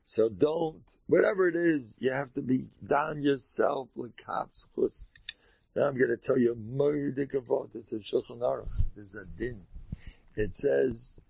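Gravelly-voiced rabbi giving an animated talk. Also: male voice, mid-range voice, measured pace, dry recording, dull audio. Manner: animated, shifts between soft asides and loud exclamations. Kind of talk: informal Torah talk.

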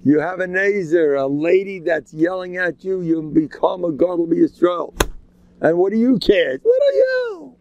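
A man giving an informal, joking religious talk, animated and acting out quotes in sudden high voices. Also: normal speed, no room sound, lo-fi sound. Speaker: religious lecturer. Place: local community gathering.

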